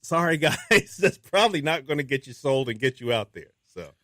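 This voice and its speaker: A man, a filmmaker guest on a radio show, talking in a casual, animated way and acting out what people said to him. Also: fairly high pitch, moderate pace, dry recording, studio quality. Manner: animated storyteller who acts out quotes. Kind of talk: casual interview talk. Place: radio studio.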